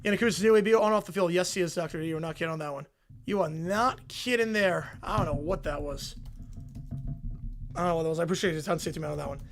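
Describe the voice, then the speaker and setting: A young man with a fairly high voice runs a live football reaction stream from his home desk. He reads viewer messages aloud, excitable and rambling, as he talks into his desk mic. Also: fast talker. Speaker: livestream host reacting to football. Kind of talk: live stream chat reading donations. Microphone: desk mic with headphones.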